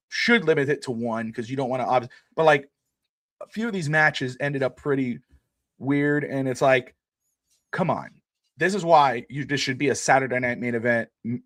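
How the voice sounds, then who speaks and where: Co-hosting a podcast, a man talks sports casually in a rambling way, packing in many "you know" fillers. His mid-range voice has a fairly bright tone and moderate pace, captured in a dry, studio-quality recording.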